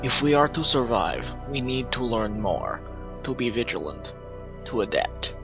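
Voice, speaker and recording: A man's voice: mid-range voice, big pitch swings, measured pace, dull audio, over music. A man putting on a Russian accent to read a stern colony leader's solemn words. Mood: grave. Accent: put-on Russian.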